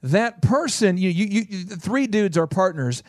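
A man's voice: high-pitched, no echo, clean studio sound. A man hosting a business radio show, telling a story with energy and acting out the quotes of the people in it. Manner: energetic storyteller who acts out quotes in quick bursts.

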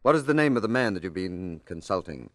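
Mr. Chameleon, measured detective. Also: male voice, low-pitched, big pitch swings, no echo, clean studio sound. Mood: probing. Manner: measured, authoritative. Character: calm, probing male police detective. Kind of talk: 1940s radio acting.

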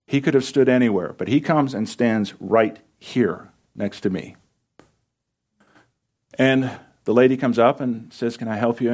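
A middle-aged man, a pastor, telling a personal story in a sermon in an earnest, conversational way, often dropping soft and quiet. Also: mid-range voice.

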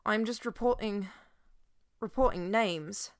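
A woman reading the part of a frightened male doctor who speaks haltingly, in a dry studio recording. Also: medium pitch, fairly even intonation, pushed and bright, clear, resonant tone, dry recording. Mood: nervous, halting. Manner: halting, nervous.

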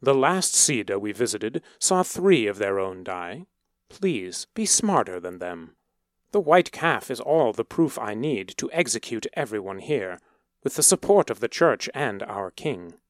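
A man voicing a cold, menacing priest in a storybook reading, speaking slowly and quietly. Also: lowish voice, big pitch swings, no room sound, clean studio sound. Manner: slow, quiet and deliberate. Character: cold menacing male priest, middle-aged.

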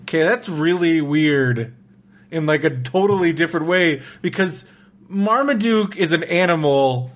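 A man's voice: fairly high pitch, animated, measured pace. Sarcastic man riffing on a comic strip. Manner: incredulous, riffing sarcastic commentary. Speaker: podcast co-host. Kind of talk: casual comedic chat.

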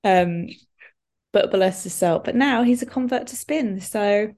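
A young woman telling a story in a casual podcast chat, animated, with lots of "like". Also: mid-range voice, unhurried. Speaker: podcast co-host.

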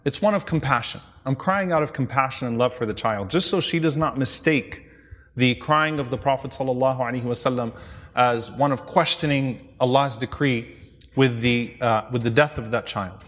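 A man's voice: medium pitch, fairly bright tone. Earnest male lecturer in a reverberant hall. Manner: earnest, explanatory retelling with frequent pauses and restarts. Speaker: religious lecturer. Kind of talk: storytelling lecture.

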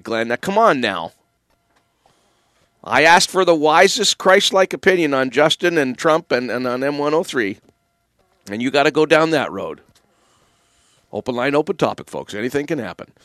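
Emphatic radio host, lively pitch. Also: male voice, moderate pace, no room sound, studio quality. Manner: emphatic, opinionated, preachy, sardonic asides. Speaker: radio talk show host. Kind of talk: call-in talk radio.

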